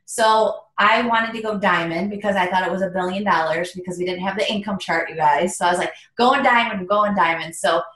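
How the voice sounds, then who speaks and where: A woman's voice: lowish voice, fairly even intonation, brisk, hardly any pauses, a bit bright, roomy sound, low-quality recording. Upbeat woman coaching on a video call. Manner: upbeat, motivational, addresses listeners as you guys. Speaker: direct sales team leader. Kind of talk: training call on video chat.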